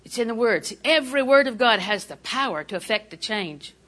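Bright-voiced older woman preaching with humor. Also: on the high side, animated, a little fast. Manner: folksy, humorous storytelling with frequent laughs. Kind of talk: sermon.

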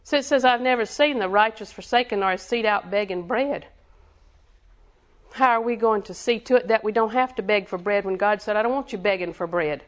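A woman's voice: mid-range voice, fairly quick. A woman preaching a sermon with rhythmic repetition, quizzing her congregation and chuckling between points.

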